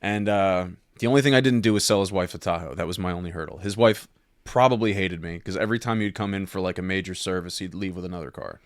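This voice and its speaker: A man's voice: deep voice, fast talker, no room sound, clean studio sound. A man telling casual, profane stories about selling cars, acting out his customers. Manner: animated, acts out customers' voices, swears freely. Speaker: former car salesman, podcast guest. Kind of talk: casual storytelling chat.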